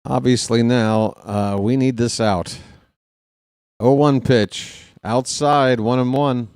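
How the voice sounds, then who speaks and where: A man's voice: mid-range voice, slow, clean tone, no echo, studio quality. A man calling a baseball game play-by-play as a partisan fan, with a voice that is starting to tire. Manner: partisan, excitable on big plays, chats with viewers. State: voice getting tired.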